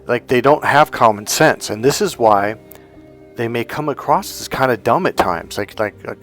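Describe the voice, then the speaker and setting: A man's voice: medium pitch, normal speed, soft background music. A middle-aged man and self-help coach talking casually, telling stories with plenty of restarts and acting out what people said. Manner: chatty, animated storytelling with acted-out quotes. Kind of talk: casual talking-head advice.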